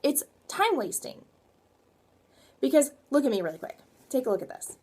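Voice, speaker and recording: A woman's voice: high-pitched, sing-song, moderate pace, darkish tone, husky. A young woman fitness coach giving a rambling, emphatic motivational talk to her viewers. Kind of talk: motivational vlog.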